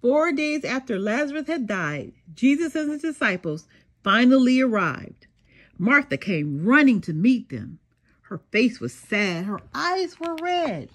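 An older woman reading a children's storybook aloud, slow and sing-song with dramatic pauses and a softly breathy voice. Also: fairly high pitch, big pitch swings. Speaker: storybook reader. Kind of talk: expressive children's read-aloud.

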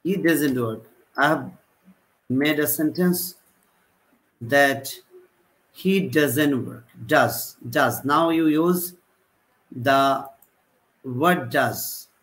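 Man, online lesson, slow halting delivery, repetitive examples, somewhat high pitch. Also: a bit bright, rough recording. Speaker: English teacher. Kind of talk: live online typing class.

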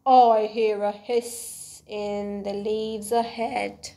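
A woman voicing a big boastful male monster who laughs loudly, in a storybook reading. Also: mid-range voice, little pitch movement, extremely slow.

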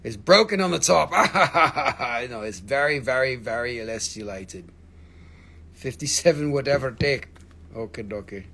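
A man's voice: mid-range voice, expressive, measured pace, vocal fry, pushed and bright. Joking, foul-mouthed man selling crystals live. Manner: joking, rambling, swears freely. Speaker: live-stream crystal seller. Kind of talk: casual live sales chat.

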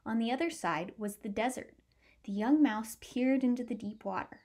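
A woman reading a picture book aloud with clear, expressive storytelling. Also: on the high side, normal speed.

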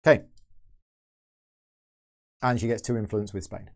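On his board game channel, a man with a lowish, steady voice thinks aloud through a solo game. He takes his time, explaining each move as he goes.

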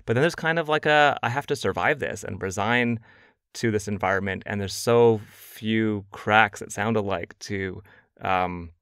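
A man, a journalist guest on a podcast, speaking reflectively and haltingly as he searches for words. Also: on the low side, fairly bright tone, clean tone, no echo, clean studio sound. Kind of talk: podcast interview conversation.

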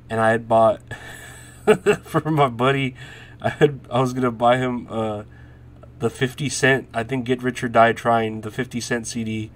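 A man in his thirties hosting a podcast alone, rambling through stories with lots of swearing and laughs. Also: medium pitch. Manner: rambling, profane, laughs while telling stories. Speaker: podcast host. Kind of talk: casual solo chat.

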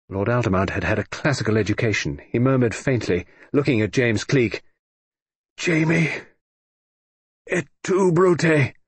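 A man narrating an audiobook in a scripted, expressive reading. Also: lowish voice, breathy edge, no echo.

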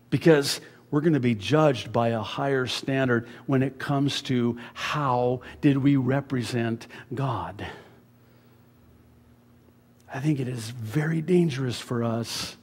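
A man preaching a sermon as pastor, dropping to hushed words and rising to loud emphasis. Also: mid-range voice, slightly rough, long reverb tail. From USA. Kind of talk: expository sermon. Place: church sanctuary.

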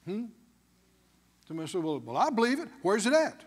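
A man's voice: sits high, big pitch swings, a little fast, slightly rough, in a large hall. A man preaching a sermon as pastor, emphatic, with call-and-response questions to the congregation.

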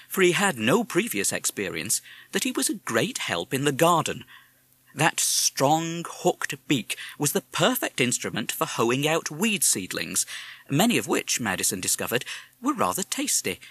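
A man reading a storybook aloud with measured, expressive narration. His pitch moves in a lively way, and his voice is bright and clear. It is recorded close up and dry. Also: no echo. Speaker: audiobook narrator.

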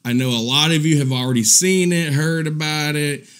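A man hosting a profane live commentary stream, mocking and crude, laughing at his own jabs and swinging between low muttering and loud indignant rants. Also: steady tone, moderate pace.

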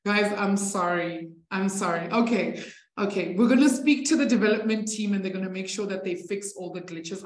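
A woman's voice: medium pitch, reverberant, rough recording. A woman maths teacher from South Africa running a live online class, chatty and encouraging, often laughing with her students.

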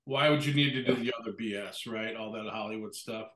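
Bright-voiced host in his sixties, echoey room. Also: on the low side, brisk. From Wisconsin. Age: 60s. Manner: joking, teasing questions. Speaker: podcast host. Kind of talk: casual interview chat.

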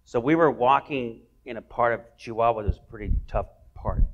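A man hosting an onstage conversation at a college event, telling stories in an animated, playful way. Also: medium pitch, a little fast, muffled recording. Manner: animated storyteller, playful asides. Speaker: host.

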